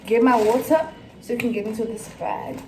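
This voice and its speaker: A young woman chatting excitedly and rambling to her viewers in a casual vlog. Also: fairly high pitch, a little fast. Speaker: vlogger. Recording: roomy, distant mic, noisy background.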